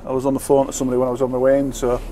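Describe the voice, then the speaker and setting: Chatty truck driver, road noise. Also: male voice, mid-range voice, completely flat delivery, rapid-fire, mellow. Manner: rambling, chatty, self-mocking. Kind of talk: casual vlog chat while driving.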